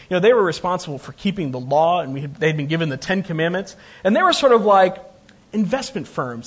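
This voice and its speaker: A man with a somewhat husky voice preaches a sermon in a relaxed, conversational way. He pitches a little higher than most men, and his voice rises and falls with lively swings as he adds joking asides.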